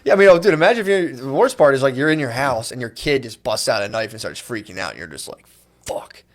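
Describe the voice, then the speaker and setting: Dude rambling fast on a podcast, cussing, acting out what people say. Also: male voice, medium pitch, expressive. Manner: rambling, swearing, acting out quotes. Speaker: podcast co-host. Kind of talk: casual podcast chat.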